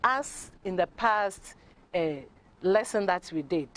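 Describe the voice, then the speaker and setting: A woman teaching a grammar lesson, speaking deliberately and repeating example questions. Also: lowish voice, animated, a bit bright. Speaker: English teacher. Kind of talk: classroom lesson.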